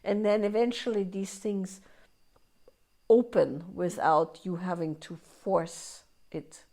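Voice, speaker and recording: Slow and steady, a woman with a lowish, dark voice runs a live workshop in a conversational way. She keeps tossing in "right?" to check in, and she dramatizes inner voices in quoted asides.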